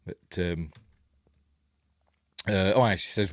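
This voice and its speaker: A man's voice: sits low, fairly even intonation, a little slow, pauses often, dry recording, clean studio sound. A middle-aged man with a Yorkshire accent hosting a rambling, chuckling film breakdown, going off on tangents as he talks. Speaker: film review host. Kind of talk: casual film commentary.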